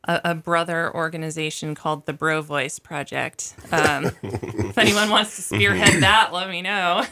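A woman speaking as an interview guest for an advocacy group, earnest and reflective, with frequent pauses and soft laughs. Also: on the low side. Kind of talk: conversational interview.

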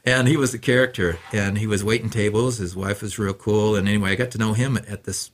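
A man's voice: lowish voice, fairly even intonation, fast. A male musician guest in a radio studio, telling rambling, easygoing stories with lots of fillers in a casual interview.

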